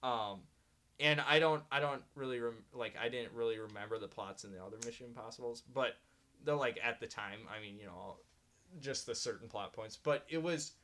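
A man's voice: mid-range voice, normal speed, a bit bright. A man co-hosting a podcast, chatting casually and rambling with many fillers and frequent laughs. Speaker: podcast co-host. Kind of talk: casual chat.

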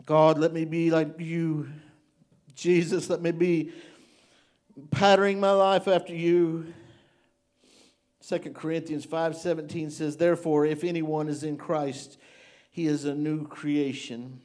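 Impassioned, fairly high-voiced male pastor. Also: steady tone, measured pace, pauses often, a little mellow. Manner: impassioned preaching with rising exclamations; emotional and tender-hearted. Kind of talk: sermon.

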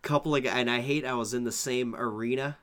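A man talking casually about movie casting, easygoing and quick to laugh. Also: medium pitch, steady tone, fairly bright tone. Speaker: podcast co-host.

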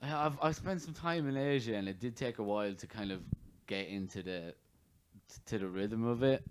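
A man's voice: fairly low pitch, normal speed, a little hiss or hum. A man hosting a casual interview in a chatty, rambling way, often restarting his sentences. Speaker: podcast host, interviewer.

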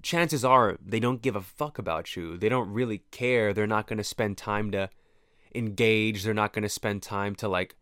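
A low-voiced man talks straight into his camera, rambling and swearing freely as he circles his thoughts. He restarts and corrects himself often, in a loose, reflective tone. The sound is close and dry, with no room echo. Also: moderate pace, fairly bright tone. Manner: rambling, profane, self-interrupting. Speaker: vlogger. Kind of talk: casual reflective monologue. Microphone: camera mic, close.

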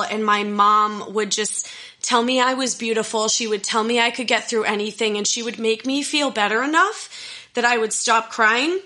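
A woman's voice: fairly high pitch, pushed and bright. A young woman telling a candid personal story in an earnest, emotional, self-deprecating way. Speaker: storyteller sharing personal history.

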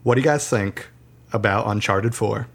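A man's voice: fairly low pitch, moderate pace, creaky. A man hosting a casual gaming podcast, chatting upbeat and slipping into an announcer-like delivery when he introduces segments. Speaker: podcast host.

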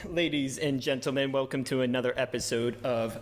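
A man's voice: mid-range voice, steady tone, a little fast, few pauses. Male podcast host, loose and rambling, stammers, joking casual delivery. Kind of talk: casual chat.

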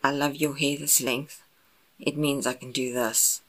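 A woman reading a calm, formal man. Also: rumbling low, unhurried, exaggerated voice. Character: calm, earnest, formal-speaking grown man.

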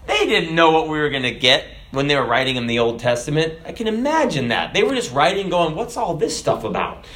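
A male pastor delivers a sermon in a relaxed, conversational way. He poses rhetorical questions to his listeners. His voice sits slightly higher than most men's. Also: fairly quick.

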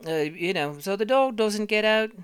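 A speaker voicing a fussy young mother who gives slow, careful reminders. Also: mid-range voice, expressive, clear, resonant tone, dry recording, clean studio sound, pitched above the performer's own voice, natural voice. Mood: reminding.

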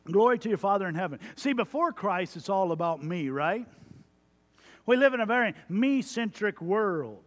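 A man in his forties from Texas preaching a sermon as pastor, animated, with lively asides about his own family. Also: high voice, moderate pace. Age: 40s. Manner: animated preaching, mimicking a parent's stock phrases.

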